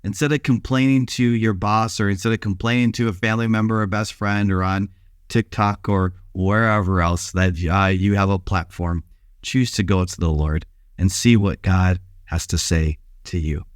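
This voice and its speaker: A male pastor giving a short daily devotional, preaching in a relaxed, conversational way with some filler sounds. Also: lowish voice, moderate pace, clean tone, no echo, clean studio sound.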